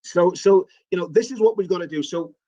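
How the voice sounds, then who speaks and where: A northeast English man speaks earnestly in a high voice for a man. He stacks up repeated phrases to drive his point home. The clip sounds dull and muffled. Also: fairly quick, mellow. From northeast England. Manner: earnest, repetitive, building emphasis. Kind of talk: political talk, earnest appeal.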